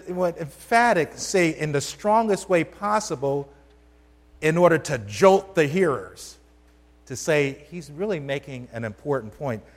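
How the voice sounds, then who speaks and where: A man preaching a sermon to a congregation in a conversational, emphatic way, often asking them questions. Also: a little high. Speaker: pastor. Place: church sanctuary. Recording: long hall reverb.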